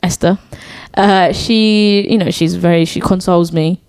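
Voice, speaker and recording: A woman's voice: lowish voice, fairly even intonation, measured pace, darkish tone, clean tone. Candid, laughing podcast co-host woman. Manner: candid and self-deprecating, laughs often, hesitant fillers. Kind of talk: casual chat.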